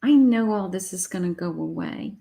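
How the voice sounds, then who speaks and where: A woman's voice: fairly low pitch, animated, normal speed, creaky, mellow. A middle-aged woman, a psychic, giving a live tarot reading to her viewers in an emotional, uplifting way, with repeated affirmations.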